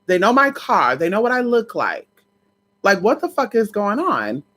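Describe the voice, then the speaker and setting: In a mid-range voice at a moderate pace, a woman vlogger tells a personal story to her audience. She's animated, swears freely, and keeps addressing them as "y'all."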